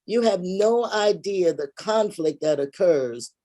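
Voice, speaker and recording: Woman on a video call walking folks thru funeral planning, calm and measured, lowish voice. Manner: measured, explanatory. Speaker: funeral pre-planning speaker. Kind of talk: presentation.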